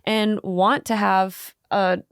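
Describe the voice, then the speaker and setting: A woman's voice: medium pitch, flat delivery, slow pace, clear, resonant tone, dry recording, clean studio sound. A young woman co-hosting a casual political podcast, making playful asides and giggling, sometimes restarting her thoughts. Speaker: podcast co-host.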